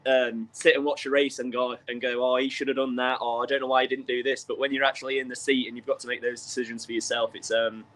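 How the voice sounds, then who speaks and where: A young man, a speedway driver, answering modestly in a casual interview with frequent pauses and ums. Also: medium pitch, little pitch movement, a bit bright, low-quality recording. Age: young adult. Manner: modest, hesitant, many ums.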